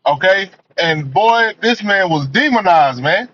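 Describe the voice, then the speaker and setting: A man's voice: sits high, animated, unhurried, fairly bright tone, slight background noise. A man giving a profane, emphatic rant as a movie reviewer, filling his talk with "man" and "you know.". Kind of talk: ranting commentary. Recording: dull lo-fi audio.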